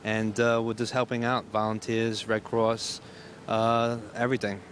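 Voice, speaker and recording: A man quietly answering interview questions about his missing father, halting and subdued. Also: lowish voice, little pitch movement, a little hiss or hum.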